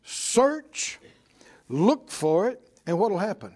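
Slow-paced and high-voiced, a man gives an animated sermon. He invites the congregation to call back and impersonates fretful voices.

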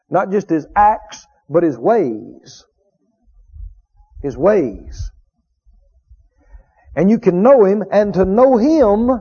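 Male preacher, high voice, emphatic and repetitive delivery, muffled lo-fi sound. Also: dark tone, slightly rough. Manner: emphatic, repeats key phrases, drawn-out quotes of scripture. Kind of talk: sermon. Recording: dull lo-fi recording.

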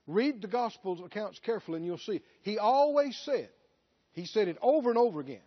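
Emphatic high-voiced male preacher. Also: expressive, a little fast, breathy edge. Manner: rhetorical questions, emphatic. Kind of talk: sermon. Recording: dull lo-fi recording.

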